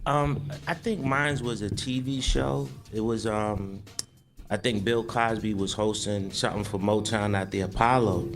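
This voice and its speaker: Man from Boston, low pitch, hesitant relaxed storytelling, singer on a radio show. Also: measured pace. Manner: relaxed storyteller with many ums. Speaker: singer and guest. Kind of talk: casual radio interview.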